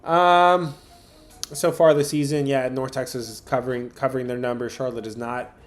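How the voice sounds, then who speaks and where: A man's voice: mid-range voice, steady tone, normal speed, faint music behind. Chatty man hosting a betting stream. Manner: chatty, addresses chat viewers directly, frequent fillers. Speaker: sports betting livestream host. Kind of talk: casual livestream commentary.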